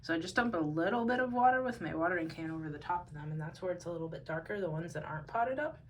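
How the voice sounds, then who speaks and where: A tired woman talking casually about her houseplants, soft and meandering with many fillers. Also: lowish voice, expressive, racing, a little hiss or hum, low-quality recording. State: tired, out of breath. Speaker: vlogger. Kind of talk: casual plant-care vlog. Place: home among houseplants, indoors.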